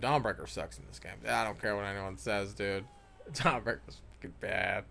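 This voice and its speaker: A man's voice: on the low side, normal speed, creaky, bright, forceful tone, slight background noise. A young man who rambles and swears a lot, talking casually over gameplay footage and trailing off often. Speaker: gaming vlogger.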